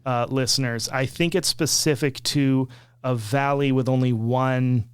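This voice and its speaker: A woman's voice: rumbling low, fairly even intonation, a little slow, clear, resonant tone, no echo. A woman co-hosting a podcast, explaining things in a precise, wry way. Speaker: podcast co-host. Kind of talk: casual chat.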